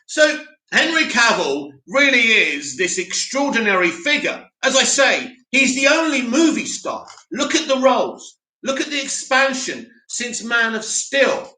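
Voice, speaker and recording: High, bright-voiced chatty stream host. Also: male voice, measured pace, roomy sound, poor audio. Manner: animated, chatty, reads viewer comments aloud. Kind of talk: casual live-stream chat. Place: home studio in Cyprus.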